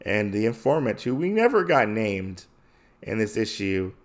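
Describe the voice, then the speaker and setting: A man's voice: on the low side, sing-song, normal speed. A man hosting a podcast, casually recapping a comic issue with enthusiasm and lots of filler words. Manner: enthusiastic, rambling with many fillers. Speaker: podcast host.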